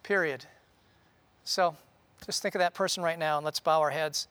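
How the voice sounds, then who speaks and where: Earnest high-voiced male preacher. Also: fairly even intonation, fairly bright tone, clean tone, dry recording. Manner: earnest, conversational, with frequent "uh" pauses. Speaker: pastor. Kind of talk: sermon.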